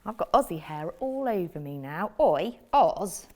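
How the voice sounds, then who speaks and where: A woman teacher reading a picture book aloud to children, chatty and expressive. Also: lowish voice, normal speed. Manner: animated and expressive storytelling.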